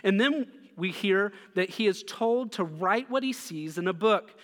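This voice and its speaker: A man preaching a sermon who reads scripture slowly and softly, then explains it with quick restarts. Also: high-pitched, lively intonation, in a large hall. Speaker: pastor.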